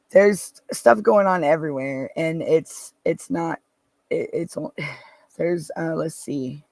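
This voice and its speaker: A man's voice: fairly high pitch, creaky, a little mellow, no room sound. A man hosting a casual livestream from his car, rambling and answering viewer comments with many restarts. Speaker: livestream host. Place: parked car.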